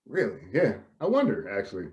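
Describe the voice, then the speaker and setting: A man's voice: medium pitch, wildly swooping pitch, fairly quick, a little mellow. A young man hosting a podcast over a video call, rambling casually with many fillers and frequent laughter. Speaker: podcast host. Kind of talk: casual comedic chat.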